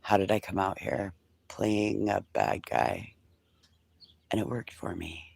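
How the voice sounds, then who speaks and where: A man's voice: deep voice, very animated, takes it slowly, creaky, long pauses. A man hosting a casual morning livestream chat. He talks sarcastically, swears, and drops into whispered asides. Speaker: livestream host.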